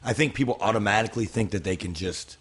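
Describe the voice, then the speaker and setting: A man guesting on a podcast as a music blogger. He talks in a measured way, with lots of "you know". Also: on the low side, fairly bright tone, slightly rough. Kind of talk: casual interview chat.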